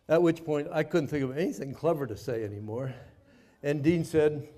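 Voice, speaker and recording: A man's voice: fairly high pitch, normal speed, dark tone. A man in his seventies from the United States, a former POW telling a dramatic personal story in a vivid, folksy way.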